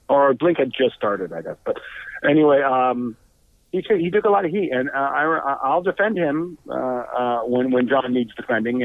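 A man telling rambling band stories in a loose, animated way. He stumbles through restarts, swears freely and jumps up in pitch when he acts out what others said. His voice comes through a thin, phone-like line with no room echo. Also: gravelly. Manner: halting, many restarts and swearing. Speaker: guest musician. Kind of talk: casual storytelling.

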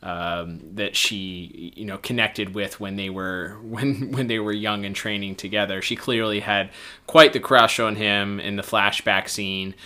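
Hesitant podcast co-host, bright tone. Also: male voice, lowish voice, fairly even intonation, a little slow. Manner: hesitant, many fillers and restarts. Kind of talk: casual episode review.

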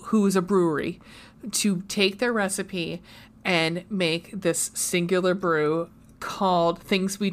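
Casting: woman, podcast co-host, chatty and hesitant, lots of ums. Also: lowish voice. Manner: hesitant, many ums, tearful at times. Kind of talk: casual podcast chat.

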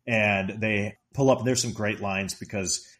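A man co-hosting a podcast, casually retelling movie scenes in an animated way, laughing often and quoting the characters in a raised voice. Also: lowish voice, measured pace. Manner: laughs often while talking. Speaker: podcast co-host discussing a movie.

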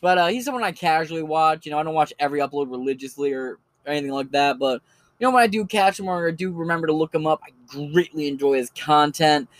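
A man's voice: fairly high pitch, fast, no room sound. A man doing casual solo commentary on his podcast, talking in a rambling and profane way with lots of fillers. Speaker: podcast host recommending creators.

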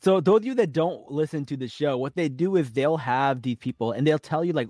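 A man's voice: fairly high pitch, animated, moderate pace, warm tone, dry recording, clean studio sound. Upbeat chatty man on a podcast. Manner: upbeat and chatty, often repeats words and laughs. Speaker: podcast co-host. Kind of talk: casual chat recapping a reality show.

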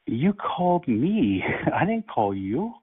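A man on a prank phone call, calm and mocking, playing innocent. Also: a little high, slow pace, slightly rough. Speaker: prank caller. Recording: phone line.

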